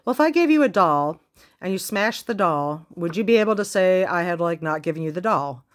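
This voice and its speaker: Woman casually playing a smug storybook king who argues his case calmly, low-voiced. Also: brisk, natural voice. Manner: reasonable-sounding, self-justifying. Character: shrewd, smug underground king, a grown man.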